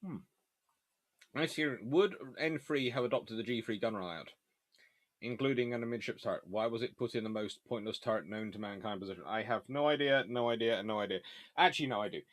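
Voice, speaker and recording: A man's voice: on the low side, fairly quick, fairly bright tone. A man hosting a casual live question-and-answer session on naval history. He reads viewer questions aloud and answers them offhand while eating between remarks.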